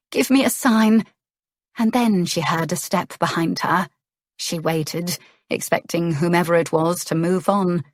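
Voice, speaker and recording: A woman narrating a romance audiobook in a measured, gentle storytelling manner. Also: lowish voice, no room sound, clean studio sound.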